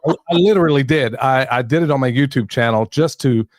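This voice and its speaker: A man's voice: medium pitch, brisk, dry recording, studio quality. A man hosting a podcast interview, chatting casually and rambling with repeats and laughs. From Western North Carolina. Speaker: podcast host.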